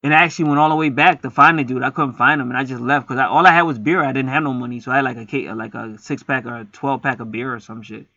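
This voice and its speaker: A man's voice: mid-range voice, fairly even intonation, fast, hardly any pauses, sharp tone, no echo. A man reading an astrology chart aloud in a rambling, profane, joking monologue. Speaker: astrology reader. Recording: slightly muffled lo-fi recording.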